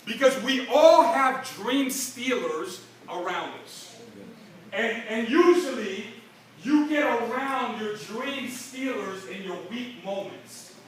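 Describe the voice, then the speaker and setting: Middle-aged male motivational speaker, high-pitched and punchy, heard from a distance in an echoey convention hall. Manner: energetic, fast-shifting, acts out dialogue, frequent "right?". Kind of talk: convention stage speech. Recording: echoey hall recording from far off.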